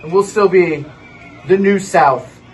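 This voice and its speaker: A man's voice: sits high, takes it slowly. A man cutting a cocky, taunting wrestling promo at rival teams. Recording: distant mic with light noise.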